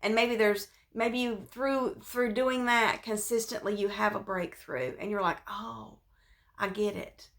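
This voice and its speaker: A woman's voice: fairly high pitch, a little slow, few pauses. Folksy woman sharing a devotional. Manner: conversational, rambling with many fillers and restarts; drops to a soft, hushed voice when voicing prayers. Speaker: devotional speaker. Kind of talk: informal devotional talk.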